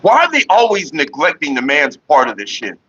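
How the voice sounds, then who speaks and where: A man hosting a casual home livestream, telling a profane story to his viewers in an animated way and slipping into quoted voices. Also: a little high, a little fast, husky, dull audio. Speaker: livestream host.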